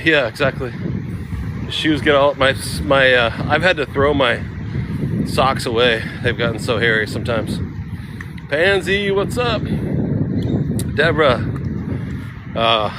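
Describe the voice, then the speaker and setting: Male travel vlogger, slow casual chat, cars and street noise around. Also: medium pitch. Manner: giggly, self-mocking, meows playfully. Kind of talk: casual live-stream chat.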